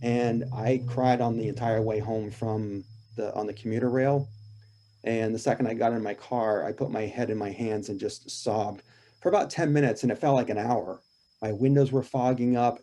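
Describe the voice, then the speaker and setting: A man with a mellow, warm tone and a mid-range pitch, speaking as a podcast guest. He tells a deeply personal story earnestly and reflectively, leaning into key points with emphasis. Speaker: podcast guest, grief coach.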